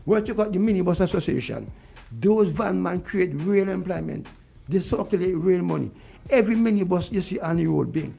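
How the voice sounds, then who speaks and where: A man's voice: sits high, animated, a little fast, gravelly, mellow, slightly rough, faint music behind. A man with a Vincentian accent, talking heatedly about politics on a radio show and repeating his points. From Saint Vincent. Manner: vexed, ranting, repeats points. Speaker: radio guest.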